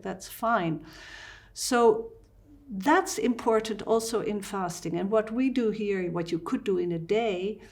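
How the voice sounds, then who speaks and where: A woman with a Dutch accent talks as a doctor in an interview. Her voice sits in a middle pitch, and she explains step by step, livening it up with small acted-out asides. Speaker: fasting doctor.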